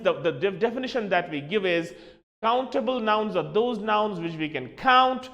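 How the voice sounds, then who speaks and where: A man's voice: high voice, fairly bright tone, big-room sound. A man teaching a lesson, emphatic, spelling words out letter by letter and slipping into Hindi asides. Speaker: English teacher. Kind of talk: classroom lesson.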